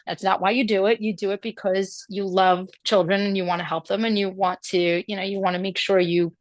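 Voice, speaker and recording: A woman's voice: medium pitch, dry recording. Candid woman telling a story, dry sound. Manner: candid, rambling, with self-deprecating laughs. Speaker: runs a homeschool enrichment center. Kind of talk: personal story in a group call. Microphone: video call.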